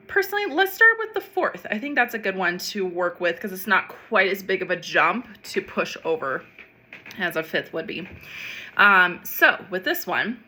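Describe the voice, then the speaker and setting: A middle-aged woman voice teacher gently explaining a neck stretch and vocal warm-up, chatty and full of fillers. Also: fairly low pitch. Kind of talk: instructional vocal warm-up demonstration.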